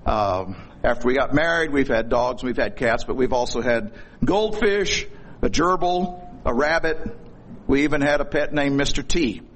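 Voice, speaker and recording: A man's voice: medium pitch, moderate pace, fairly bright tone. A middle-aged man preaching a sermon in a folksy, storytelling way, with corny jokes.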